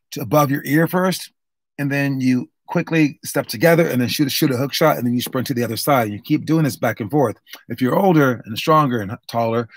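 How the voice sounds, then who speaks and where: A man's voice: mid-range voice, no room sound, clean studio sound. A young man coaching basketball drills in a casual, rambling, upbeat way, full of fillers and restarts. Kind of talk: casual instructional talk.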